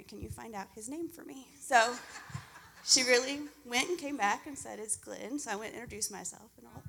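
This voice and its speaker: Earnest woman with a gravelly voice. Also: fairly high pitch, fairly bright tone. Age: 40s. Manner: earnest, heartfelt storytelling. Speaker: church member giving testimony. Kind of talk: personal testimony in church.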